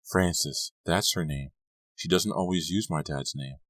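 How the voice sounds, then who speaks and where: A man voicing a soft, teasing teenage girl on the phone in an audiobook. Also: sits low, measured pace, dry recording.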